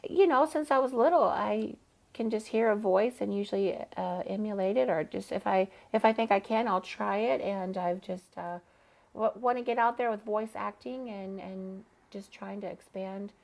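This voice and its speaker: A woman's voice: mid-range voice, moderate pace, creaky, a little mellow. A trans woman drag performer, a guest on a podcast, talking earnestly and rambling a little. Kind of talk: casual interview chat.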